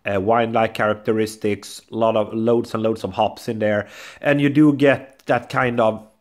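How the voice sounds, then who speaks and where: A man's voice: on the low side, steady tone, moderate pace. A man hosting a casual beer review vlog, chatty and talking to viewers as guys, often saying "I would say". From Sweden. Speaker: beer reviewer, channel host.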